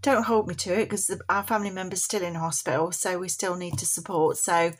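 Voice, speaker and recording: A woman's voice: fairly low pitch, fairly even intonation, fairly quick. A woman chatting homely and casually to viewers on a budgeting vlog. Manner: chatty, homely, affectionate terms like bab and chick. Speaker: budgeting vlogger.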